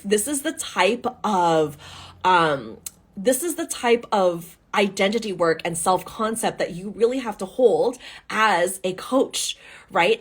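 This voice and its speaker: A woman's voice: medium pitch, slightly rough. Emphatic woman coaching in a podcast. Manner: emphatic, often ends points with "right?"; acts out excited and doubtful voices when quoting. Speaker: business coach. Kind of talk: podcast monologue from a live Q&A.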